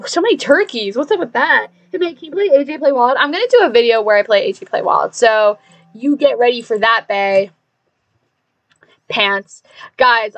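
While live-streaming a game, a woman chats in a bubbly way, reads out viewer messages, and squeals excitedly as she thanks people. Her voice sits high.

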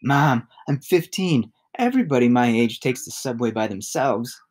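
A man's voice: medium pitch, animated, moderate pace, darkish tone, close to an everyday voice. A man reading aloud and voicing a stubborn fifteen-year-old girl, with curt, insistent lines. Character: teenage girl, stubborn and proud.

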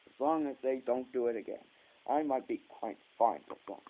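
A man voicing a grumpy, sneering male diesel engine in a homemade storybook video, speaking in gruff, curt replies. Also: medium pitch, moderate pace, lightly acted. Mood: surly. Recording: tinny phone-like home recording with faint hiss.

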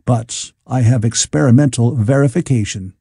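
A man reading the part of a calm, inventive Victorian gentleman scientist who explains patiently. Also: medium pitch, normal speed, creaky, husky, dry recording, clean studio sound.

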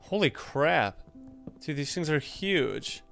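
A young man casually commenting on his own gameplay, excitable and jumpy, chatting to the animals on screen. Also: a little high, takes it slowly, creaky, soft background music. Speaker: gaming YouTuber. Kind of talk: casual let's-play commentary.

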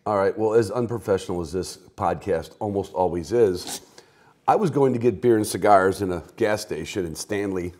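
Low-voiced rambling man hosting a podcast. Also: normal speed, darkish tone. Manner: jokey, self-mocking, rambling asides. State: road-weary. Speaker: podcast host. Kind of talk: casual rambling chat. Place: garage at a picnic table.

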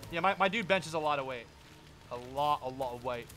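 A man's voice: on the high side, expressive, brisk, sharp tone, soft background music. A young man streaming a game, giving casual, chatty and joking commentary.

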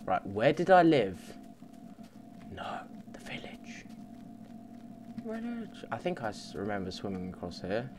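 A man's voice: lowish voice, huge pitch swings, moderate pace, hardly any pauses. Young man, gameplay commentary, frequent swearing, faint room hiss, desk mic. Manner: swears a lot, mutters, bursts into loud yells. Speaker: let's play gamer. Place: home computer desk. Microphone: desk mic under the monitor.

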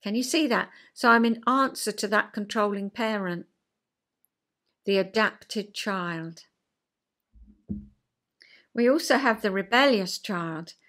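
A woman hosting a podcast, chatting about psychology and acting out quoted voices with sudden pitch jumps. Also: takes it slowly, long pauses, fairly bright tone. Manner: chatty, checks in with listener. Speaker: podcast host. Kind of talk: casual chat explaining psychology.

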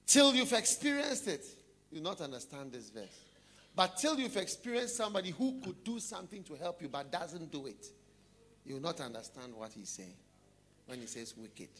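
During his sermon, this man's pitch swings widely as he tells a story at a moderate pace. He puts questions to his audience and regularly falls to a low, hushed tone.

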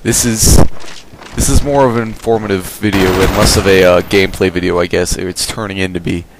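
A man's voice: low voice, fairly even intonation, a little fast. A tired young man giving rambling, jokey gameplay commentary, swearing a lot and wandering off on tangents. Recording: game gunfire noise behind.

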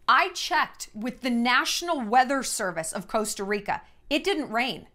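A woman's voice: fairly high pitch, measured pace. A woman in her thirties talking to camera in a casual, sarcastic vlog, acting out quotes as she tells stories. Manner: chatty, sarcastic, animated quoting of others. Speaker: vlogger. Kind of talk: casual storytelling monologue.

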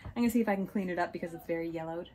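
A woman's voice: fairly low pitch, rapid-fire, dark tone, slight background noise. A woman casually showing off her thrift haul, chatty and gushing over small finds, with hiccups now and then. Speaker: resale vlogger. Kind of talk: casual show-and-tell haul.

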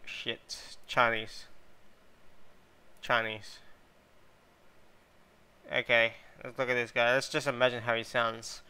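A man hosting his gaming channel, chatting casually as he plays, getting excitable, thinking out loud and swearing freely. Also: medium pitch, slow pace, long pauses, a little hiss or hum. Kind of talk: casual gameplay commentary.

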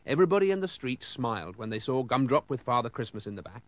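A man reading a children's storybook aloud with lively, expressive storytelling. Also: mid-range voice, quick pace, no echo.

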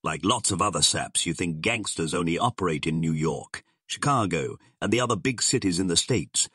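A man's voice: low voice, lively intonation, moderate pace, sharp tone, husky, no room sound, studio quality, exaggerated voice. A man voicing a sardonic male gangster boss who drawls his threats in slang. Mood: menacing.

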